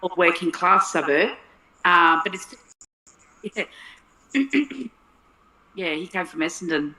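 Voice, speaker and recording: A woman's voice: fairly low pitch, expressive, slow pace, sharp tone. An Australian woman in her forties co-hosting a casual chat, talking chattily with hesitant fillers and restarts. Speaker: co-host. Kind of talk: casual chat on a watch-along stream. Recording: echoey room.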